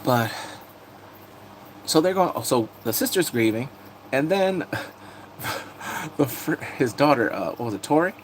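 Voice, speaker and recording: A man chatting casually on a live stream, recapping TV episodes and greeting viewers, laughing and animated. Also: mid-range voice, a little slow, pauses often, a little hiss or hum.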